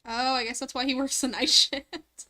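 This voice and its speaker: A woman's voice: sits high, little pitch movement, moderate pace, sharp tone. A young woman streamer reading a visual novel aloud and rambling in a bubbly, giggly way between lines.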